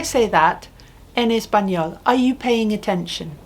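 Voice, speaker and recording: A woman's voice: mid-range voice, measured pace. A woman teaching a language lesson, patiently asking questions and modeling phrases for the learner. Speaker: Spanish teacher. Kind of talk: slow spoken language lesson.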